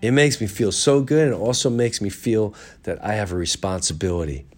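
A man's voice: lowish voice, a little fast, darkish tone, soft background music. A middle-aged man hosting a podcast, talking in a casual monologue with a congested, stuffy nose, earnest and reflective, often trailing off and restarting. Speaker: podcast host.

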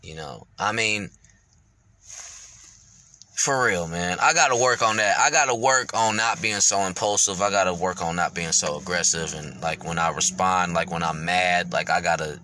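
A man's voice: low voice, moderate pace, bright, forceful tone, slight background noise. A man hosting his podcast, speaking candidly and reflectively, rambling with lots of fillers and casual swearing. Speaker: podcast host.

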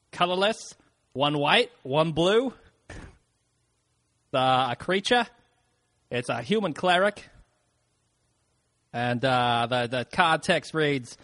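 A man's voice: fairly high pitch, a bit bright, long reverb tail. A man putting on a pompous senator's voice with a clumsy Boston accent and mock-formal oratory. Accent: attempted Boston accent. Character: pompous male senator speaking on the floor.

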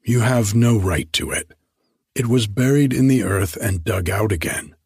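A man's voice: fairly low pitch, expressive, a little slow, gravelly, a little mellow, slightly rough, no echo, clean studio sound, full character voice. A man doing a blunt, firm young student. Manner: firm, cutting in.

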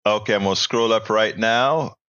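Bright-voiced male talk show host. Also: on the low side, moderate pace, clear, resonant tone, no room sound, dull audio. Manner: upbeat, chatty, reading viewer comments. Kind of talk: political talk show hosting.

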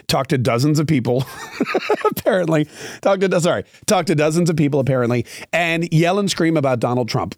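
A man's voice: fairly high pitch, no echo, clean studio sound. A man hosting a political podcast, giving sarcastic, rambling opinion commentary with frequent restarts.

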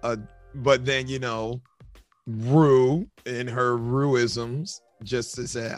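A man's voice: mid-range voice, fairly even intonation, extremely slow, dry recording, faint music behind. A man co-hosting a casual chat show, emphatic and agreeable. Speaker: podcast co-host.

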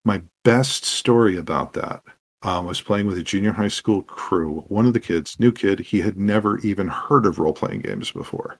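A man telling animated stories as a podcast guest about running tabletop games, acting out what his players said. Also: lowish voice, moderate pace, husky. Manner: animated, acts out quoted players. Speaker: podcast guest, game master. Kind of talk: anecdotal interview storytelling.

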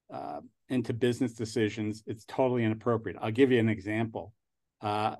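Rambling New York man in his sixties. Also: medium pitch. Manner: rambling, with frequent restarts. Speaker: angel investor guest. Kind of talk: casual interview talk.

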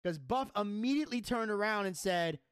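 Profane, animated storytelling man, dry sound. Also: high-pitched, a little fast, clean tone, no room sound. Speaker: podcast co-host. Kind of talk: casual chat.

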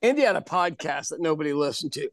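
A man of about sixty co-hosting a podcast, telling stories in an animated, casual way and laughing often. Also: on the high side, fast talker, no echo, studio quality. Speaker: podcast co-host, pub owner. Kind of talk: casual chat.

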